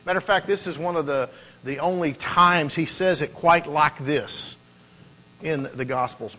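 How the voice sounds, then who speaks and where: A man's voice: fairly high pitch, moderate pace, a bit bright, low-quality recording. A man preaching a sermon, talking conversationally and building to emphatic peaks. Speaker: pastor.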